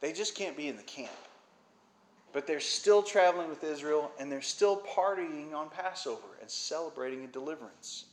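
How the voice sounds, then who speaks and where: A man's voice: a little high, lively intonation, normal speed. A man teaching the Bible in a casual, conversational way, asking rhetorical questions. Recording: roomy echo.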